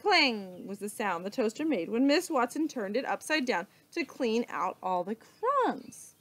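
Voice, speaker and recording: Expressive woman reading a children's book. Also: a little high. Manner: expressive, slow storytelling with dramatic pauses. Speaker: teacher reading aloud. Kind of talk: children's book read-aloud.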